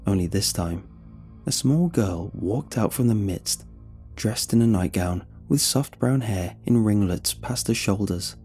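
A man narrating a horror story in an expressive, suspenseful way. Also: fairly low pitch.

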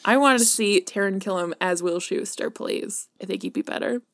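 A woman co-hosting a casual pop-culture podcast, recorded dry and close. She gushes enthusiastically, giggles often, and strings her thoughts together with lots of "like." Her voice sits at an ordinary pitch for a woman. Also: moderate pace, vocal fry, fairly bright tone, dry recording. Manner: gushing, giggly, many "like" fillers. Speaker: podcast co-host.

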